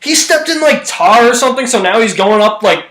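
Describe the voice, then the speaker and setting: A man's voice: very high-pitched, expressive, fairly bright tone. A man giving a casual, joking movie review with lots of fillers. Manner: chatty, joking, full of fillers and quick voice impressions.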